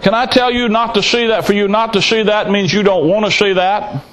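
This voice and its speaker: A man's voice: sits high, steady tone, a little fast, a bit bright, rough recording. A man preaching a sermon in a blunt, folksy way, teasing his listeners and firing off rhetorical questions.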